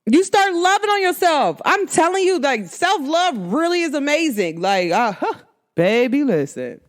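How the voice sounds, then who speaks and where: A young woman with a New Jersey–New York accent hosting a solo podcast, talking in an animated, emphatic and slangy way. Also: high-pitched, normal speed. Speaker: podcast host. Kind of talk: casual solo podcast monologue.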